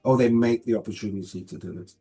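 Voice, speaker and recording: A man's voice: fairly low pitch, quick pace, mellow, husky, faint music behind. A man with a London accent, a guest talking casually over a video call, hesitant and full of filler words. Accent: London English. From London, England. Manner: hesitant, many fillers and restarts. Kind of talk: casual interview chat.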